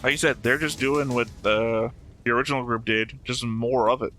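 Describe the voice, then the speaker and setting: A man's voice: mid-range voice, fairly even intonation, normal speed, sharp tone, soft background music. A man co-hosting an anime reaction show in casual, joking chat, explaining his reasoning at length.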